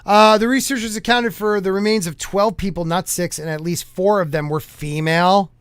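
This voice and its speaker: Male podcast host, high smooth voice, dry close sound; jokey, trips over words reading aloud. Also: fairly even intonation, normal speed, no echo. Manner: joking, stumbles over words while reading. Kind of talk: casual chat, reading old newspapers aloud.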